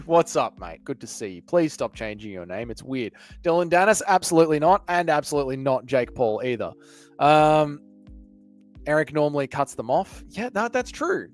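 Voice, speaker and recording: A man runs a casual live stream, answering viewers' chat with crude, teasing banter. His voice sits slightly high, and faint music plays underneath. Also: very animated, moderate pace. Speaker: livestream host reading chat.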